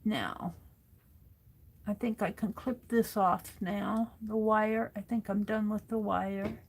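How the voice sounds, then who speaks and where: A woman's voice: mid-range voice, fairly even intonation, slow pace, gravelly, breathy edge. A woman hosting a casual crafting livestream, talking herself through each step as she works and reading viewers' comments aloud.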